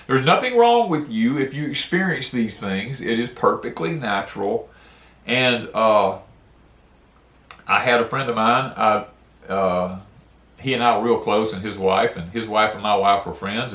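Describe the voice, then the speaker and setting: A man's voice: on the low side, fairly bright tone, reverberant. Earnest man talking about grief. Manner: rambling, earnest, repeats words, Southern folksy phrasing. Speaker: homestead channel host. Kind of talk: casual heartfelt talk on grief. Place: porch outdoors.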